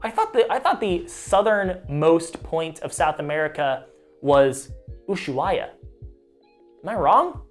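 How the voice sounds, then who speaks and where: A man's voice: a little high, big pitch swings, slow, soft background music. A man hosting a live trivia game stream, chatty and self-mocking, stumbling over place names as he reads the questions.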